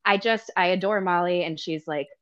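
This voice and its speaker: A woman talking as a podcast guest, telling personal stories in an animated, casual way and laughing often. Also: fairly low pitch, normal speed, lo-fi sound. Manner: animated, laughs often, acts out quoted people. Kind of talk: casual storytelling chat.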